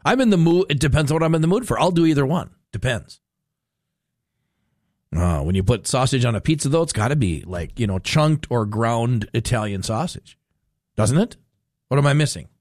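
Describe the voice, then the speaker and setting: A male talk radio host rambling through a casual on-air monologue. His pitch rises and falls a lot, and he sounds amused with himself. The studio sound is dry and close. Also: moderate pace, no echo. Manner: rambling, animated, self-amused.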